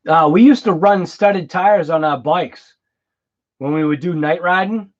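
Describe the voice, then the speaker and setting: Brief: East Coast man, livestream host, slightly high voice, slow rambling chat, lo-fi sound. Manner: chatty, reads viewer comments aloud.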